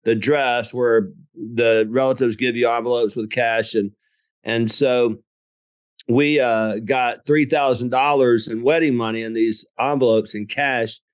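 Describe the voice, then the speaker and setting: A middle-aged man with a Southern US drawl tells stories in a folksy, self-mocking way. His voice is smooth and resonant, set at an ordinary pitch. The sound is dry and close. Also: fairly even intonation, unhurried, dry recording. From southern Alabama. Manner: folksy, jokes and laughs at own stories. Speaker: guest, business coach and author. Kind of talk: storytelling interview.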